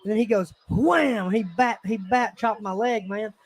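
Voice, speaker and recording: High-voiced man telling stories. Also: moderate pace. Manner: laughs often, acts out voices in anecdotes. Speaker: host of a fight watch-along. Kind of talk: casual chat, storytelling.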